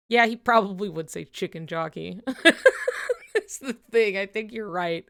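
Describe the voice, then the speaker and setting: Woman streamer, casual watch-along chat, mid-pitched, rambly, laughs a lot, swears freely. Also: lively intonation, measured pace, creaky, fairly bright tone. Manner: rambling, filler-heavy, swears, laughs often.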